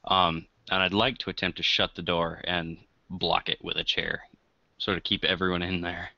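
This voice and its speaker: A man's voice: sits low, level tone, moderate pace, creaky, pushed and bright, no room sound, lo-fi sound. A man playing a tabletop game, talking casually and thinking aloud with hesitations. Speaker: player.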